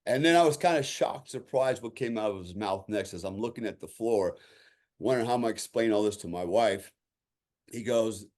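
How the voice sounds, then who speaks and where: His voice is fairly low and darkish, and he talks fairly quickly. As a podcast guest, he relates a military story conversationally, bringing characters to life by performing their lines and frequently tossing in "you know" and "right?".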